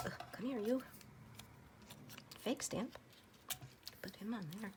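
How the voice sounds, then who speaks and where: A woman softly murmuring to herself as she arranges stamps and paper pieces in a journal, often slipping into a whisper. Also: a little high, takes it slowly, heavy background noise. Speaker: journal crafter. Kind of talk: soft-spoken crafting chat.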